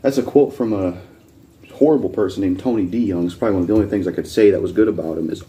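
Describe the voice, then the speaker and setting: A man hosts a reaction video, ranting bluntly and combatively, swearing heavily and hammering his points home again and again. His voice sits on the low side and is warm, and he talks fairly quickly but leaves long pauses.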